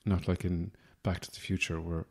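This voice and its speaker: A man's voice: sits low, level tone, normal speed, darkish tone, slightly rough. An Irish man hosting a podcast, delivering a rambling, self-deprecating comic monologue with a wry manner. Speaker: podcast host.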